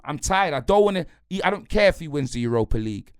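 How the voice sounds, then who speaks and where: Very animated and fast, a football fan pundit unloads an angry, slang-heavy rant about his team, repeating himself and punctuating lines with "blood" and "fam". His voice is a little high with a clean tone, captured in clean studio sound with no room sound.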